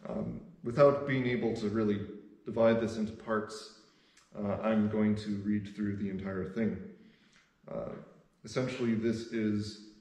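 A man's voice: fairly low pitch, fairly even intonation, a little slow, darkish tone, reverberant, rough recording. A man leading a devotional as pastor, reading scripture steadily with an occasional filler word.

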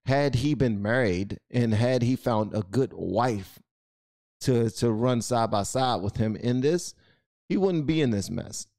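A man's voice: medium pitch, lively intonation, unhurried, vocal fry, darkish tone, dry recording, clean studio sound. A man hosting an online channel, giving blunt, preachy opinion commentary straight to his viewers. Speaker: channel host.

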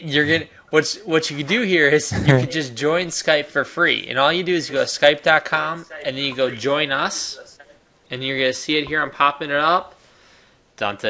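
A man's voice: on the high side, bright, forceful tone. A man from the United States hosting a casual, enthusiastic tutorial while sharing his screen. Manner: enthusiastic, chatty, salesy. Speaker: host.

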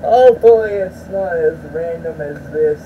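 A man's voice: a little high, moderate pace, narrow, tinny audio, noisy background. A man ranting to camera in a rambling, profane way, restarting his sentences often. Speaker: YouTuber. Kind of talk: ranting vlog talk.

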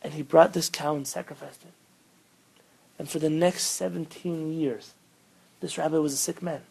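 A man, a rabbi, teaching an informal Torah class, telling stories with lively bursts of emphasis and sprinkling Hebrew terms into his English. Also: a little high, normal speed, gravelly, slightly rough, rough recording. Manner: animated storytelling, rising loud when quoting.

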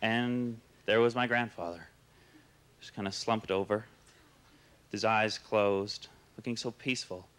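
A young man with a Canadian accent doing a halting, deadpan stand-up set, full of uhs and restarts. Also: fairly low pitch, smooth. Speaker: stand-up comedian. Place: comedy club stage with audience laughing. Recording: live stage recording with noisy room.

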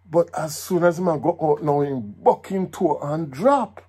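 A Jamaican man telling a folk story in patois, with a lively, animated delivery. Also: on the high side, breathy edge.

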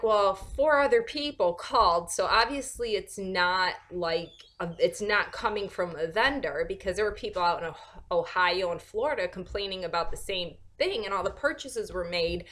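A woman vlogger talking in a casual, animated and sarcastic rant, full of fillers and restarts. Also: medium pitch, moderate pace. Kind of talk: casual ranting monologue.

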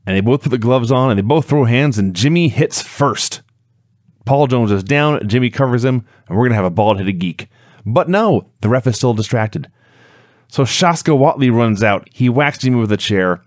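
A man's voice: medium pitch, moderate pace, dry recording, studio quality. A man co-hosting a wrestling podcast, recapping a match step by step in casual talk. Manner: steady storytelling recap. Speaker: podcast co-host.

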